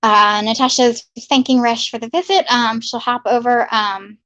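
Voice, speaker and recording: A woman's voice: on the high side, fairly even intonation, moderate pace, a bit bright, no room sound. A woman hosting a casual livestream, chatting and reading viewer comments aloud with upbeat greetings. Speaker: livestream host. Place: home in Maryland. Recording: slightly muffled, dry lo-fi sound.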